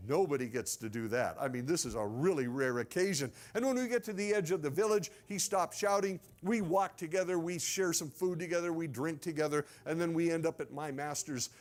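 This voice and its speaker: A man's voice: on the high side, brisk, few pauses. A male pastor telling a sermon as a dramatized story, animatedly acting out scenes in the first person.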